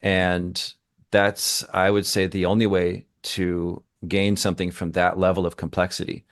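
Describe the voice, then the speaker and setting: A man's voice: low voice, little pitch movement, measured pace. A man co-hosting a podcast, talking in an emphatic, engaged way and thinking aloud as he goes. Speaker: co-host, language teacher. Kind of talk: conversational podcast discussion.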